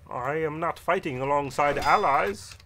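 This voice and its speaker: A man's voice: fairly high pitch, unhurried, noisy background. A man voicing a pompous, zealous paladin who hates monsters, speaking in formal old-fashioned phrases as he plays a game. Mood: pondering. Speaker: game player role-playing his character. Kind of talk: in-character role-play over gameplay.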